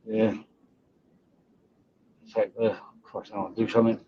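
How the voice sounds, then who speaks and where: A man's voice: fairly low pitch, level tone, a little slow, husky. A man hosting a live stream, ranting bluntly and scornfully at viewers and rivals, with frequent swearing. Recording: dull lo-fi stream audio.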